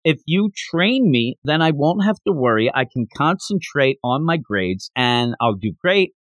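A man's voice: mid-range voice, very animated, a little slow, a bit bright, no room sound. A man putting on a cheerful little girl asking earnestly to be trained.

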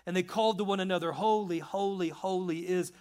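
A man preaching a sermon in an animated, conversational way, reading scripture and adding casual asides. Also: high-pitched, a little fast. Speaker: pastor.

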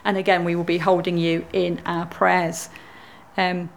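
A woman's voice: fairly low pitch, little pitch movement, unhurried, vocal fry. A woman leading a church service, speaking to the congregation in an informal, chatty way. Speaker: worship leader.

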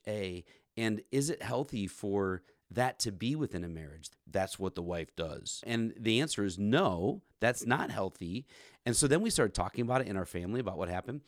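A man's voice: on the low side, lively intonation, normal speed, no room sound, clean studio sound. A man in his forties hosting a podcast, telling a candid story about his marriage in a self-deprecating way. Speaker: podcast host. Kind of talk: candid conversation.

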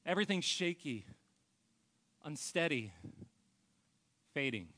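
A male pastor preaching a sermon with earnest personal storytelling, often trailing off into a soft, low voice. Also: sing-song, slow pace.

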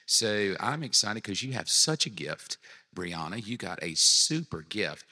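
A man's voice: fairly low pitch, very animated, unhurried, pushed and bright, slightly rough. Upbeat joking pastor man, roomy sound. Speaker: pastor, guest. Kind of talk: casual podcast chat. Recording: roomy with long reverb.

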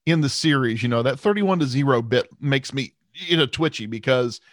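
Animated man on a dry podcast mic. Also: medium pitch, moderate pace, no echo. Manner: animated, self-deprecating, frequent restarts. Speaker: podcast co-host. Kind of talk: casual sports chat.

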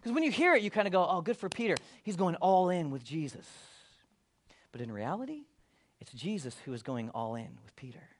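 A man with a high, light voice delivering a sermon with lots of energy. He jokes with the listeners and acts out the people in the story as he goes. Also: a little fast, a little hiss or hum. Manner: animated, playful asides, acts out voices of the disciples. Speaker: pastor.

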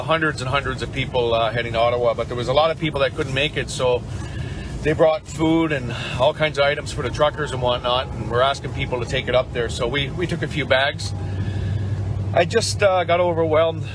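A man recording a casual video message outdoors, speaking in an emotional, halting way. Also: mid-range voice, noisy background. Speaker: convoy supporter.

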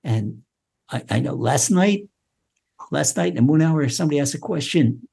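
A husky man gives an impassioned Torah lesson as a rabbi. He repeats his key phrases over and over, and his voice climbs higher as he presses each point. The delivery is fervent and earnest. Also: lively intonation, moderate pace, mellow. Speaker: rabbi teaching a weekly class.

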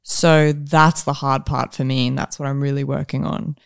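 A woman's voice: a bass voice, little pitch movement, normal speed, creaky, clean tone. Candid young woman. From South Africa. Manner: reflective, candid, talks through thoughts with fillers. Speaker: actress, podcast guest. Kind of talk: casual interview chat.

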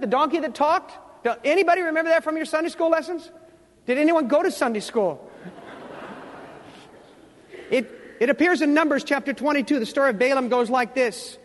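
A man's voice: very high voice, a bit bright, long reverb tail. A man preaching a sermon, telling a Bible story and acting out what its people say, now and then asking his congregation questions. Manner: storytelling preacher, acts out biblical quotes, asks the congregation questions. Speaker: pastor.

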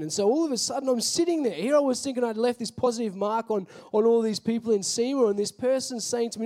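A man's voice: high-pitched, fast talker, darkish tone. A young adult man with an Australian accent, preaching a sermon in a casual storytelling way with many fillers. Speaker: pastor. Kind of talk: sermon with personal stories.

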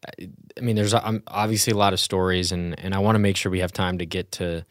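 Guy hosting a podcast, low voice, dry sound, feels his way through questions. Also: little pitch movement, fast, no room sound. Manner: thoughtful, restarts as he frames questions. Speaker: podcast host. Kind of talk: interview questions.

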